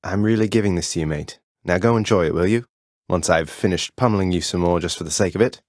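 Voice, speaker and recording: Zagreus, a young male prince of the underworld in a video game, voiced by a man. His voice sits very low and is recorded close and dry, with no room around it. He sounds earnest and polite with his elders, but dry and teasing with his friends. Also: fast talker, no room sound, close to an everyday voice. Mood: wry.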